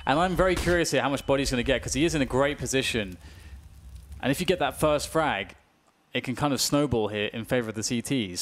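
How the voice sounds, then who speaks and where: A man with a British accent giving live play-by-play commentary on an esports match, his voice jumping up on big plays. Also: slight background noise. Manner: excitable, pitch jumps on big plays. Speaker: esports caster.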